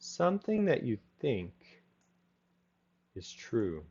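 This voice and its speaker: A man teaching English in a live class, drilling phrases slowly and repeating them with short Spanish asides. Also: mid-range voice, wildly swooping pitch, dark tone, slightly rough. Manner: slow, repetitive drilling with brief Spanish asides. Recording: dull lo-fi audio.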